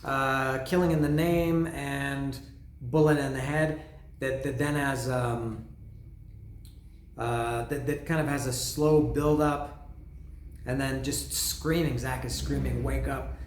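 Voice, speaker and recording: Excitable man in an echoey room. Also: medium pitch, takes it slowly, a little hiss or hum. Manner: excitable, stumbling, self-apologetic. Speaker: podcast host. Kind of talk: casual music album commentary. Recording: roomy echo.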